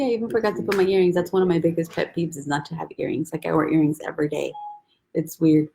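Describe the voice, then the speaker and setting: A woman's voice: lowish voice, fairly even intonation, fast, vocal fry, dark tone. A young woman hosting a weekly live stream from home, chatting casually and greeting viewers by name one after another. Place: at home, husband and baby in the back.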